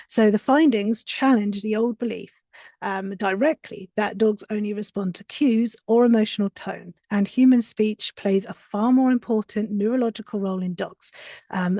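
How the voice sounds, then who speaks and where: A woman's voice: mid-range voice, a little mellow, no room sound, studio quality. A woman presenting on a live stream, carefully explaining research step by step with frequent fillers. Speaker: dog trainer presenting research.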